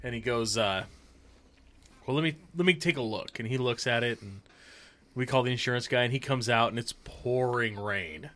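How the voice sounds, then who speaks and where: A man's voice: medium pitch, moderate pace, a bit bright. A man co-hosting a podcast, telling a story in a laid-back, dry way in casual banter. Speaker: podcast co-host.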